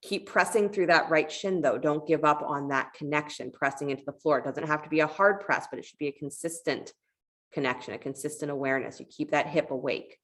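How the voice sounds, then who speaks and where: A woman teaching a yoga class, giving calm, encouraging cues and telling a short parable along the way. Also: low-pitched, a little fast. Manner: calm, encouraging cueing with a parable told in between.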